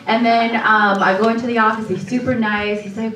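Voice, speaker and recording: An actress on a post-screening panel tells an animated story, laughing and acting out the voices she quotes. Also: a little high, a little fast, hardly any pauses, slight background noise. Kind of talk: storytelling at a live Q&A. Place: screening room before an audience. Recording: roomy hall, distant mic.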